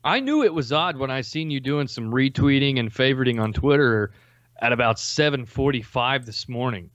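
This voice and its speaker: A man's voice: medium pitch, lively intonation, normal speed, fairly bright tone, no room sound, muffled recording. A young man co-hosting a live show, teasing his friend and cursing in a casual way. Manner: teasing, laughs often, profane. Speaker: podcast co-host. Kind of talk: casual chat.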